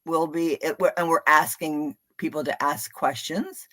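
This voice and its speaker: Playful low-voiced woman co-hosting. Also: steady tone, unhurried, a bit bright. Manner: playful, giggly, coaching. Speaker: co-host of reading stream. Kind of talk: casual livestream chat.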